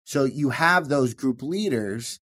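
Fast-talking Michigan comedian. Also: male voice. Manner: fast, animated, demonstrates by swinging his voice high and low. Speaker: stand-up comedian, guest. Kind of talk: casual interview talk.

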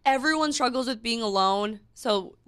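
Young woman podcast co-host, casual and chatty, rambling tips, slightly high voice, dry close sound. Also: normal speed, fairly bright tone, smooth, no room sound. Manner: chatty, giving tips in a loose, rambling list. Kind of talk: casual chat.

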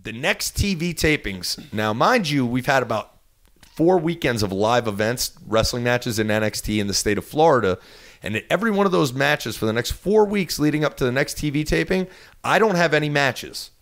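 A man in his thirties with a New Jersey accent, telling a lively story as an interview guest and acting out the quotes. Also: moderate pace. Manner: animated, acts out quotes with big pitch jumps.

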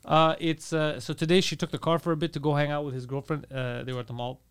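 A fast-talking young man with a somewhat high voice. He chats casually and crudely with a friend and tells animated stories, slipping into the voices of the people in them. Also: smooth. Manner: storytelling, acts out others' lines.

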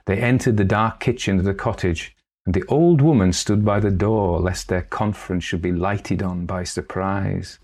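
A man narrates a dark folk tale in a measured, unhurried reading. His voice sits low and steady, keeping the spoken lines apart from the story. A plain audiobook style. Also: slightly rough.

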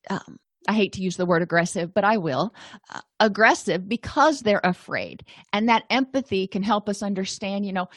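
A woman's voice: mid-range voice, no room sound, studio quality. Conversational woman lecturing. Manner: conversational, explains with everyday examples and asides. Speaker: counselor and podcast host. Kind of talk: recorded continuing-education lecture.

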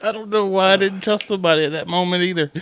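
A man's voice: sits high, steady tone, fast, a bit bright. A man co-hosting a casual podcast, telling a story with lots of swearing and laughter, tired after a night shift. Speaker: podcast co-host. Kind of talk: casual crude chat.

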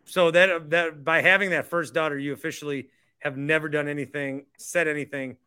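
A man's voice: on the high side, fairly even intonation, a little fast, bright, forceful tone, smooth. A man hosting a call-in podcast, chatting casually and teasing his callers. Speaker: podcast host.

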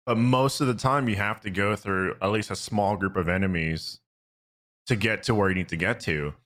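A man co-hosting a podcast, telling stories in a rambling, animated casual chat full of fillers. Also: fairly low pitch, normal speed. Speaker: podcast co-host.

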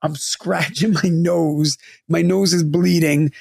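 A young podcast co-host talks slowly into a close studio mic, his high voice rough and gravelly. He tells casual stories animatedly, swearing freely and acting out the people involved. The recording is dry with no room sound.

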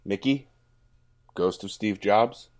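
A man riffing as a comedy panelist, with boastful and self-deprecating jokes. His voice is lowish and his delivery is unhurried. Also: a little mellow. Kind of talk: comic improv answers.

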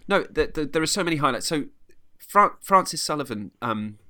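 A man's voice: on the high side, big pitch swings, normal speed, sharp tone. A man chatting casually about an old film, rambling with restarts and little laughs. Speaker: podcast co-host reviewing a film. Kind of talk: casual chat.

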